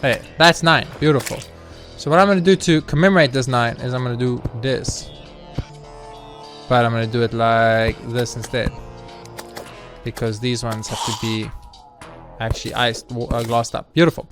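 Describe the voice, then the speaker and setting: Brief: young male let's-play host, sarcastic and self-mocking, swears a lot, mid-pitched voice, game music clearly audible behind him. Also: normal speed. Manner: sarcastic, mock-boastful, swears freely. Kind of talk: casual gameplay commentary.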